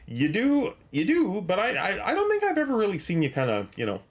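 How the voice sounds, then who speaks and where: A man's voice: high-pitched, wildly swooping pitch, fairly quick. A man streaming a game, chatting casually, rambling with many fillers and restarts, a little out of breath as he thanks viewers and reads chat.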